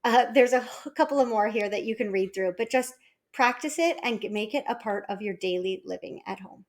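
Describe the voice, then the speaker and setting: Calm woman coaching parents step by step. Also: a little high, brisk. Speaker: early childhood parenting consultant. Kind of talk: instructional presentation.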